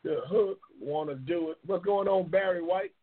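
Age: adult. Sex: male. Role: talk show host. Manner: slangy, rambling, repetitive. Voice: husky. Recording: phone-like. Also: high-pitched, normal speed. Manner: loose, slangy, rambling, repeats himself. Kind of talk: casual live-stream chat. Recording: tinny phone-like line.

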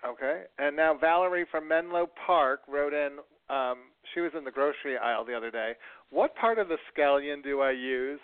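A man's voice: on the high side, moderate pace, clean tone. Upbeat male talk show host, tinny sound. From Northeast US. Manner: upbeat, reads out listener questions. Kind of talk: friendly talk show hosting. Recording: tinny phone-like radio sound.

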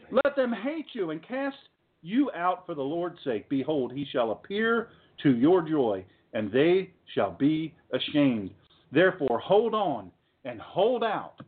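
A man preaching a sermon, fiery and emphatic, with dramatic pauses. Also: sits high, expressive. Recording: tinny phone-like sound.

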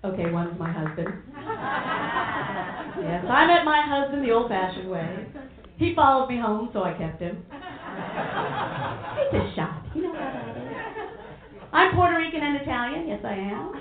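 Her voice runs on the high side with big pitch swings, normal speed and frequent pauses as this New City woman from New York City performs stand-up, brassy and playful, teasing the crowd. It's captured on a comedy club stage with echo, a phone-like quality and audience laughter.

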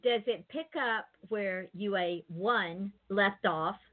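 A woman host chats through a thin, phone-like line, wandering through stories with plenty of digressions. Her voice sits at an ordinary middle pitch, and her talk stays loose and casual. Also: slow pace. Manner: rambling, digressive storyteller. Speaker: interview host. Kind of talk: casual interview chat.

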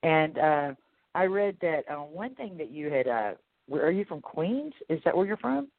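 A woman's voice: deep voice, big pitch swings, moderate pace, dry recording. A woman with a Texas accent hosting an interview, chatty and enthusiastic. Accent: Texan. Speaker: host. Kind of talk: casual interview. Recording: tinny phone-like line, dry.

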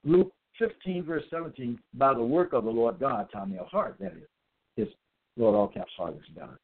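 A man's voice: medium pitch, big pitch swings, normal speed. A man preaching alone, reading scripture aloud and remarking on each verse. He repeats phrases and keeps asking "okay?". His voice comes through thin and tinny, as if over a phone line. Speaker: self-styled preacher. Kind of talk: solo religious monologue reading scripture.

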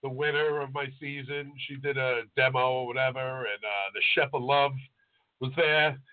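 A man's voice: mid-range voice, steady tone, normal speed. A man co-hosting a casual podcast, telling loose, crude stories and acting out the voices of people he met. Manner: loose storytelling, crude jokes, acts out voices. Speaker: podcast co-host, chef. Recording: tinny phone-like audio.

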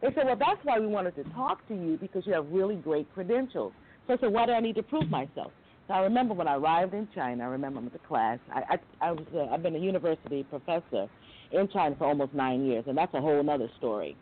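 Animated woman on a tinny call. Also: fast talker, a little hiss or hum. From Long Island, New York. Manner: animated, candid, jumps into high quoted voices. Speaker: guest on a talk show. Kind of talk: casual interview storytelling. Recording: tinny phone-like call audio.

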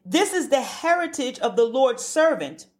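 A woman's voice: high voice, big pitch swings, normal speed, a little mellow. A woman preaching a fervent, emphatic sermon and repeating words for emphasis.

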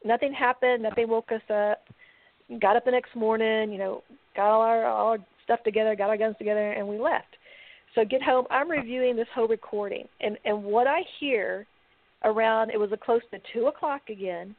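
A woman's voice: fairly high pitch, brisk, no echo. Woman telling a story on a phone line. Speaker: guest researcher. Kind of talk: casual storytelling on a call-in show. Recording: tinny phone line, dry.

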